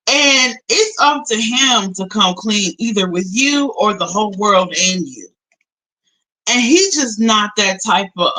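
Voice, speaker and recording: A young woman live streamer in casual chat, animated and talkative, switching between low mutters and loud outbursts. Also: poor audio. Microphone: phone.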